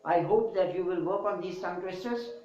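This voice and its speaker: A man teaching English pronunciation, speaking slowly and deliberately and spelling out letters and repeating words. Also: sits high, warm tone, a little hiss or hum. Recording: echoey, distant, dull lo-fi room.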